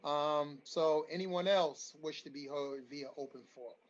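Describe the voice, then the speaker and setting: A man's voice: fairly high pitch, steady tone, measured pace, muffled recording. A man hosting a community forum over a video call, emotional and rallying, repeating his phrases for emphasis. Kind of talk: livestreamed community meeting.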